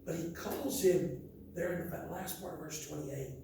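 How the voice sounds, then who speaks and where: A man's voice: a little high, moderate pace, dark tone, slight background noise. A man preaching a sermon in a church, reading scripture emphatically with chatty asides. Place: church sanctuary. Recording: echoey hall from a distance.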